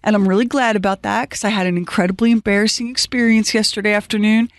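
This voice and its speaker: Lively storytelling woman, dry studio mic. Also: fast talker, no echo. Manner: animated, self-mocking storytelling with squeaky teary quoted outbursts. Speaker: radio show co-host. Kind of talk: storytelling chat.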